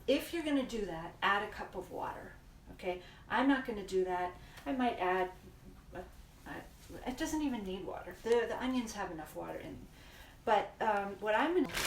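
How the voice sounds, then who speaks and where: A woman's voice: medium pitch, reverberant, distant mic, a little hiss or hum. A woman hosting a casual live cooking demo in a home kitchen, chatting and explaining as she works, often stopping mid-sentence. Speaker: cooking show host.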